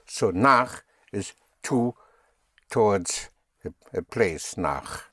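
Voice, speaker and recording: A man's voice: fairly low pitch, animated, extremely slow, bright, forceful tone, dry recording, studio quality. A man teaching German, patiently spelling words out and having learners repeat them. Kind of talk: slow language lesson.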